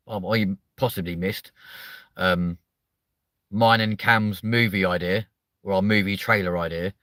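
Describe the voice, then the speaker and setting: Male comedy host, crude rambling banter, bright voice, dry close sound. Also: deep voice, fairly even intonation, unhurried, long pauses, no room sound. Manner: crude, rambling, swearing constantly. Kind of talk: casual comedic chat.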